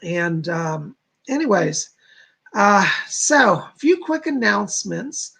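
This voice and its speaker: Male livestream host, rough gravelly voice, breathy edge, chatty and rambling, reads chat aloud. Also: high voice, big pitch swings, slow, pushed and bright. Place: home studio.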